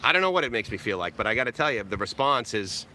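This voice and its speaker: On a live seaside walk, an American live-stream host talks fast in a mid-range voice with big pitch swings, pushed and bright, over slight background noise. Filming with a camera on a selfie stick, he rambles, cracks jokes with viewers and chuckles often.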